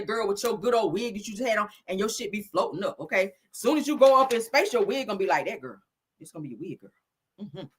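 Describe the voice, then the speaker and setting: A woman hosting a casual gossip show, loud, laughing and full of slang as she teases. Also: a little high, breathy edge. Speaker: show host.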